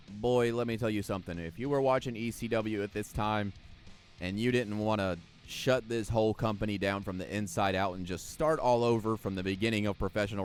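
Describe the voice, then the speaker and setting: Sarcastic man doing play-by-play. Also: lowish voice. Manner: sarcastic, swears freely; jokey, laughs at what he describes. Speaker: gaming YouTuber commentating a wrestling game. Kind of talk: play-by-play wrestling commentary.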